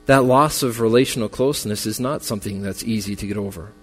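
A man's voice: lowish voice, fast talker, husky. A man preaching a memorial sermon as pastor, earnest and consoling, his voice building in intensity. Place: church sanctuary. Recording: long reverb with faint music.

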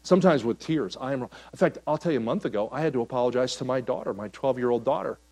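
A male pastor with a mid-range voice and a fast delivery preaches a sermon, telling stories as he swings between loud, animated passages and soft, quiet ones.

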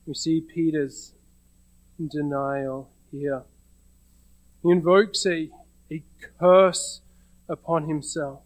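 High-voiced male preacher, dry sound. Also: fairly even intonation, slow pace, long pauses, dry recording, low-quality recording. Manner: conversational storytelling with frequent restarts. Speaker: pastor. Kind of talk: sermon.

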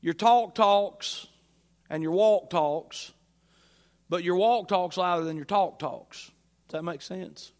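High-voiced preaching man. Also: slow pace. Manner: emphatic, repeats phrases with rising force. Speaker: pastor. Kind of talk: sermon. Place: church.

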